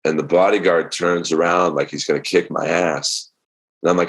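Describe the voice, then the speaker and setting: A middle-aged man with an extremely low, deep voice tells comedy stories on a podcast. He talks casually and acts out the other people's lines with lively energy. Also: moderate pace, creaky. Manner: animated storyteller acting out quotes. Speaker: comedian guest.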